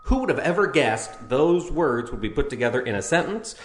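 A man's voice: medium pitch, very animated, fairly quick, echoey room, soft background music. A man co-hosting a farm news talk show, chatting casually and reading grain market figures in a folksy way. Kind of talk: casual radio chat and market report.

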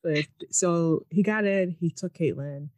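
Animated woman in casual recap chat. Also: lowish voice, no echo. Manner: animated, mocking, quick quoting of characters. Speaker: podcast co-host recapping a TV episode.

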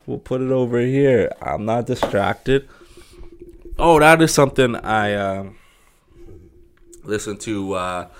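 A young man with a fairly low voice talks through a casual solo podcast. He rambles and jokes, restarting sentences and leaning on fillers as he goes. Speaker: podcast host.

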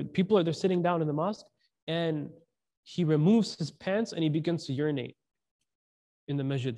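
High-voiced man preaching casually. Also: mellow. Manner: conversational, asks the audience questions, mixes in slang. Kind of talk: sermon.

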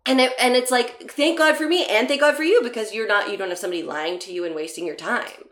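A woman's voice: a little high, quick pace, a bit bright. A young woman telling a story in casual conversation, laughing often and acting out the dialogue. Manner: chatty, laughs often, acts out quoted dialogue. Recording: roomy echo.

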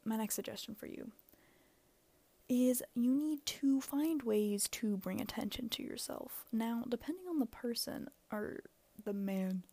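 A woman's voice: a little high, gravelly, warm tone, no room sound. A young woman hosting a casual solo advice podcast, rambling and self-mocking, with lots of "like" and frequent laughter. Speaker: podcast host.

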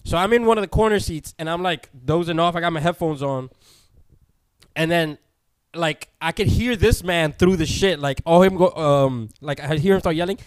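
A young man, telling a story to friends in an animated, slangy way and laughing often. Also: a little high, normal speed, clear, resonant tone, no room sound, clean studio sound. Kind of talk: casual storytelling among friends.

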